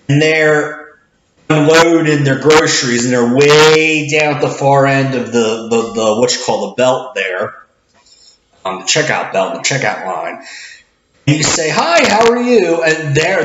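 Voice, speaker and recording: A man with a loud, projecting voice rambles through casual vlog commentary, stumbling over restarts and acting out the greetings he gives at the register. He sits well back from the camera mic, so his voice comes across roomy and a bit dull and lo-fi, with a faint hiss behind it. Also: medium pitch. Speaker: cashier. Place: indoor room, seated back from the camera. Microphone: camera mic at some distance. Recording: echoey room, dull lo-fi sound, faint noise.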